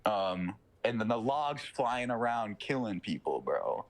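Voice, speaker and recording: A man's voice: fairly low pitch, very animated, measured pace. A young man in casual chat, retelling a film plot in a rambling way full of fillers and swearing.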